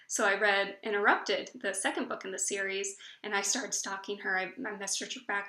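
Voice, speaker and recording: A woman's voice: medium pitch, steady tone, normal speed, pushed and bright. A woman book blogger chatting casually to camera, telling stories in a gushing way and often stumbling and restarting her sentences. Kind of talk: casual vlog chat. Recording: echoey room.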